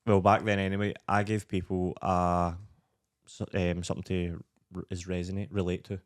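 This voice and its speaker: Deep-voiced and moderately paced, this young Scotsman is a podcast guest who rambles through sweary, animated stories in casual conversation.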